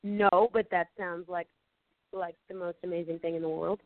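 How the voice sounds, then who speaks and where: A woman's voice: fairly low pitch, fairly even intonation, normal speed, no room sound. Giggly woman guest, tinny phone sound. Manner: giggly, effusive. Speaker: singer guest. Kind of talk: casual chat.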